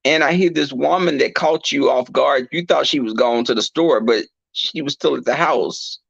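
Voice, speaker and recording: A man telling a candid personal story in a blunt, animated and profane way. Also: mid-range voice, moderate pace, creaky, husky, dry recording, highs cut off. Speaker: podcast host.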